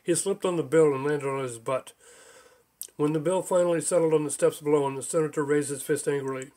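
A man narrating his own book as an audiobook, in an even, measured reading. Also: a little high.

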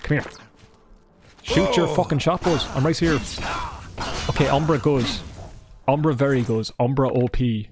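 An Irish man streaming a video game live, cracking jokes, swearing and bantering excitedly with his chat. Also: mid-range voice. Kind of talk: live gameplay commentary.

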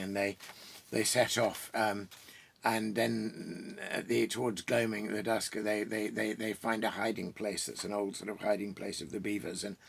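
A man reads a classic children's story aloud, gently and thoughtfully, with small pauses and restarts. His mid-pitched voice has a gravelly, husky grain. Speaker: reader and storyteller. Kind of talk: reading a children's book aloud.

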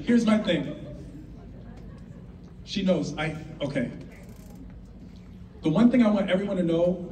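A man doing a stand-up comedy set, animated and slipping into character voices. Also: on the high side. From United States. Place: live comedy venue with audience. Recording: roomy live sound from a distant mic, audience noise.

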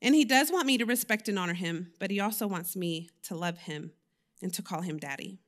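This woman's mid-range voice moves a little fast as she preaches a personal sermon in church. She's a lay preacher, open and confessional in tone, and her talk is conversational, full of fillers and self-corrections.

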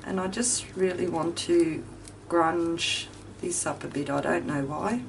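A woman's voice: fairly low pitch, fairly even intonation, unhurried, gravelly. Chatty woman crafting at home. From Australia. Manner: chatty, self-deprecating, thinks aloud. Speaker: craft video host. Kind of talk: casual chat while crafting. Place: home craft room with ceiling fan running. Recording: distant mic, faint fan noise.

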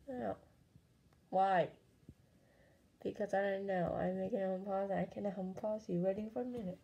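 A woman vlogging in casual, excitable chatter, pleading and dropping into whispers. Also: mid-range voice, normal speed, vocal fry, long pauses, slightly rough, poor audio.

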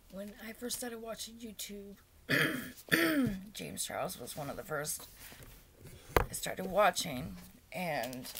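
A woman beauty vlogger opening a gift on camera, awestruck and near tears, often dropping to a breathy half-whisper. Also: mid-range voice, fairly bright tone. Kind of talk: emotional unboxing vlog. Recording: noisy home recording with packaging crinkles.

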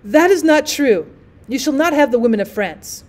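A woman's voice: high voice, sing-song, moderate pace. A woman reading the part of a defiant young woman who answers her tormentor indignantly and vehemently.

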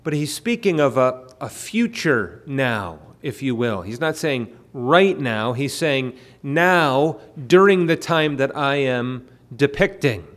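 A man's voice: mid-range voice, sing-song, a little slow, few pauses. Man preaching an expository sermon. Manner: frequent fillers and repeated words. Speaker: pastor. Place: church.

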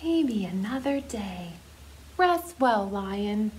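A woman's voice: extremely high pitch, big pitch swings, extremely slow, slight background noise, pitched above the performer's own voice, full character voice. Woman doing a playful little owl. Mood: hushed. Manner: sing-song, soft and hushed when saying goodnight. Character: small cheerful female owl who loves to play.

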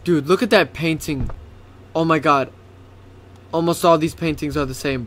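A man's voice: fairly high pitch, normal speed, long pauses, a bit bright. A young man commentating a horror game, jumpy and swearing, often panicking. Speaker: gaming YouTuber.

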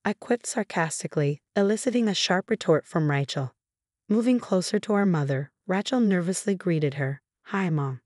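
Low-voiced woman narrating a story. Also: lively intonation, moderate pace, darkish tone, no room sound, clean studio sound. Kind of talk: scripted first-person story narration.

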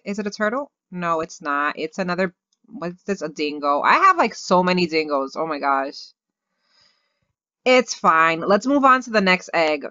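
A woman hosting her own gaming video, commenting excitedly and gushing over cute things as she plays. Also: mid-range voice, no echo, highs cut off. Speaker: gaming channel host.

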